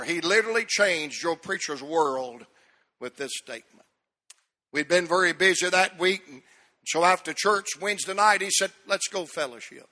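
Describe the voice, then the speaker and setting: A man's voice: high voice, lively intonation, moderate pace, pushed and bright, long reverb tail. A man, a pastor preaching a sermon with an emphatic, repetitive cadence.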